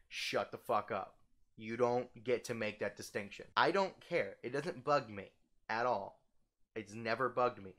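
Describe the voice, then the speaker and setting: A young man ranting casually, animated and profane, his voice jumping up when heated. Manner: animated, swearing, heated, with sudden pitch jumps. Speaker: vlogger ranting.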